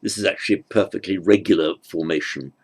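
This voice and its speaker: Speaking quickly in a deep, breathy voice, a man at a desk with a tablet gives an online grammar lesson. He works things out aloud, restarting, using fillers, and muttering to himself.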